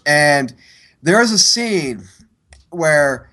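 A man's voice: a little high, big pitch swings, drawn-out words, bright, forceful tone. A man co-hosting a podcast, casually retelling movie scenes in a rambling way. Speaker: podcast co-host. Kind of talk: casual movie review chat.

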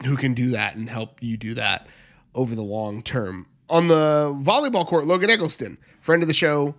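A man co-hosting a sports podcast, reading dry, brisk news updates. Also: mid-range voice, a bit bright. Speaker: co-host. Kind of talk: sports news rundown and chat.

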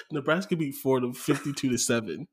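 Husky-voiced man in casual sports chat. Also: mid-range voice, measured pace. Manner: laughing, rambling, joking. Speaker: podcast co-host.

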